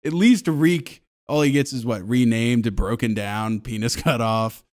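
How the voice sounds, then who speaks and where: A man's voice: fairly low pitch, moderate pace. Laughing, profane man chatting on a podcast. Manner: laughing, animated, profane storytelling. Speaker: podcast co-host. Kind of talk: casual chat.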